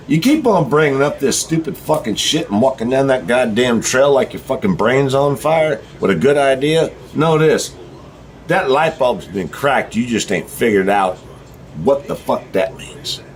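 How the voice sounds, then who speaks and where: A middle-aged man with a drawl delivering a blunt, profane ranting monologue to his viewers. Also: medium pitch. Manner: blunt, heated, swearing freely. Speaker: vlogger.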